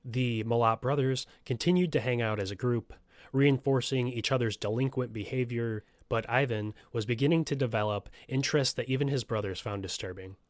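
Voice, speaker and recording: A man's voice: medium pitch, a little fast, dry recording, studio quality. Swearing male true-crime podcast host. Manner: profane, joking asides between scripted passages. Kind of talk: true crime narration with casual asides.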